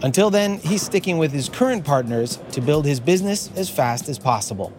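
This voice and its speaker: A male radio news reporter reads his scripted story with measured, even pacing. His voice sits a little higher than most men's. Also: faint music behind.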